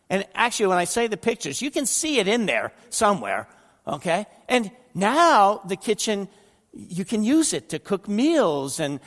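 An older man giving a sermon in a reverberant church hall. His voice sits fairly high for a man, and he talks in a relaxed, conversational way, doubling up words and checking in with his listeners. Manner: conversational, repeats words, asks the audience questions. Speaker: pastor. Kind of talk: sermon with slides.

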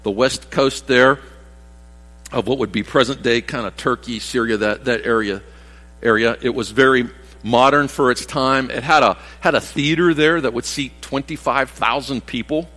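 At normal speed, a pastor in his sixties delivers his rambling, folksy sermon in a mid-range voice that's bright and forceful. He restarts often and slips in asides, while the church hall gives a long reverb.

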